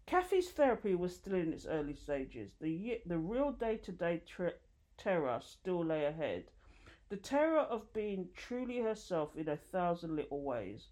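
A woman reading a nonfiction book aloud, expressive and lively, with occasional slips and restarts, lifting her voice for quoted dialogue. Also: fairly low pitch, a little slow. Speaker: audiobook reader.

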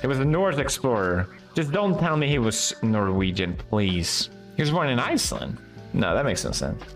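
A man's voice: medium pitch, big pitch swings, normal speed, soft background music. A young man from Sweden, giving casual, sarcastic and profane reaction commentary as a video host.

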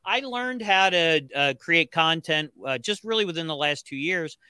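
A gruff man who jokes at his own expense and talks with a slight lisp from a missing tooth, as a guest chatting on a podcast. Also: fairly high pitch, lively intonation, normal speed, pushed and bright, no room sound. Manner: gruff, joking, self-deprecating. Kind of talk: casual chat.

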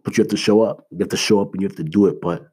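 Deep, husky man giving an earnest pep talk. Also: steady tone, racing, warm tone. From Canada. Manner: earnest, emphatic, repeats key phrases; conversational, full of "like" and restarts. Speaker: motivational speaker and author. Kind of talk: motivational talk.

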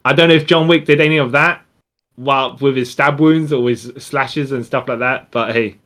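A man's voice: mid-range voice, steady tone, normal speed, fairly bright tone. A man co-hosting a casual podcast, rambling and restarting his sentences often. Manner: rambling, restarts a lot, says yeah often. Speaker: podcast co-host. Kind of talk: casual chat.

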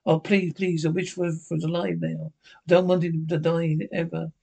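Grieving desperate widow read by a man, pleading, raised gravelly voice, audiobook-style reading. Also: fairly high pitch, flat delivery, normal speed, dark tone.

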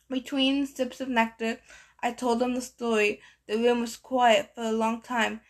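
A woman reads a novel aloud with a steady, first-person storytelling delivery. Her voice sits fairly high for a woman. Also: a little slow. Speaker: narrator. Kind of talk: audiobook reading.

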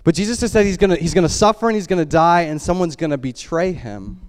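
A man preaching a sermon, retelling a story in a casual, conversational way full of "like" and restarts, dropping low and quiet at solemn moments. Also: fast, smooth, long reverb tail.

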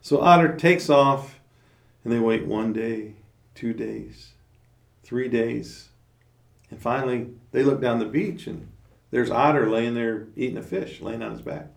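Male storyteller, low and gravelly, halting, recorded in a roomy room from afar. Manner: relaxed, halting, with fillers. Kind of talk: oral storytelling. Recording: roomy, distant mic.

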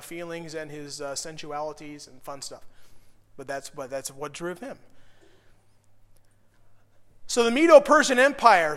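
A young man preaching a Bible lesson, emotional and animated, swinging from loud bursts to hushed asides. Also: sits high, in a large hall. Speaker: pastor. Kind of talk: sermon teaching.

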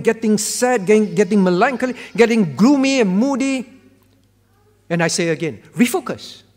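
In a church sanctuary, a pastor with a high voice delivers a sermon that rings through a long hall reverb. He's emphatic, repeating key words and swinging between quiet, low lines and loud ones.

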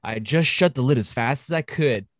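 A man voicing a startled brother who found a bear, speaking in an excited, urgent way. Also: medium pitch, normal speed, no echo, studio quality, close to an everyday voice. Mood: alarmed.

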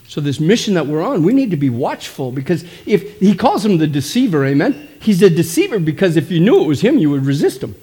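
Middle-aged pastor, slightly high voice, punchy preaching with constant "amen?" calls. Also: male voice, big pitch swings, a little fast, hardly any pauses, warm tone, breathy edge. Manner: emphatic, frequent calls of "amen?". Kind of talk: sermon.

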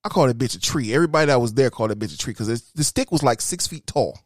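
A man, telling rowdy stories in a profane, animated casual chat. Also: medium pitch, racing, dry recording, clean studio sound. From Detroit, Michigan.

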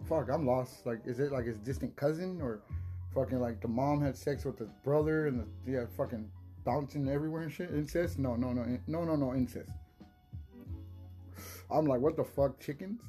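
A man's voice: medium pitch, moderate pace, dark tone. Rambling young man with faint music. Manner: rambling, swears a lot, laughs often, restarts words. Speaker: podcast host. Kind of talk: casual solo podcast chat.

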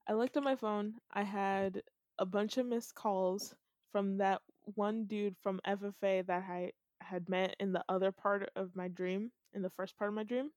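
A woman's voice: medium pitch, normal speed, no echo, clean studio sound. A young woman casually recounting a dream to a friend, often laughing as she tells it. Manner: laughs often, animated storytelling. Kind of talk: casual chat telling a dream.

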